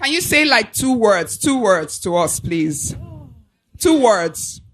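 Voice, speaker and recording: A Nigerian woman hosting an alumni event on a handheld mic, playful and teasing as she calls for shouts from the crowd. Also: mid-range voice, big pitch swings, takes it slowly.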